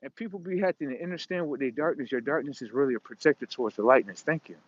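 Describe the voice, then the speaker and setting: A man's voice: medium pitch, quick pace. A man in a profane, rambling, emphatic casual monologue. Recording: dull lo-fi recording.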